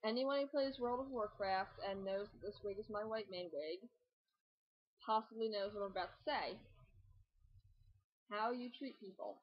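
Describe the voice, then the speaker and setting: A woman's voice: medium pitch, normal speed, pauses often, dull audio. A young woman vlogger giving casual cosplay advice in a chatty, joking way with rambling asides. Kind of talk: casual tutorial talk.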